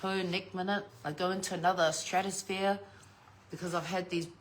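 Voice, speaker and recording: A woman's voice: on the low side, little pitch movement, moderate pace, slight background noise. A middle-aged woman chatting casually as a vlogger, swearing freely and laughing often. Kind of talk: casual unboxing chat.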